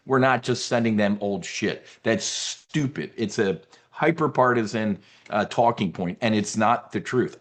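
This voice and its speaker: A trading newsletter host with a lowish voice leads a members' briefing, ranting about politics in a combative, profane way. He mocks opponents by putting on voices.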